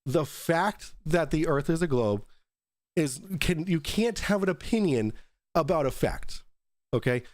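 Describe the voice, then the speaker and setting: A male host launches into a profane, mocking rant, a little tipsy from the shots he keeps taking. His pitch sits a touch high and leaps about animatedly. The sound is dry and close, with no room around it. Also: animated, measured pace, a little mellow, no room sound. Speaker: talk show host. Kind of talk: ranting commentary.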